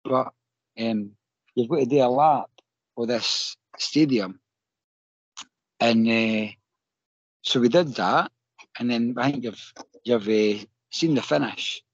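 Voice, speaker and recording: A Scottish man, a podcast guest, telling a story in an animated, emotional way and laughing often. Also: medium pitch, slow, long pauses, husky, dry recording, highs cut off. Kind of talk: casual storytelling.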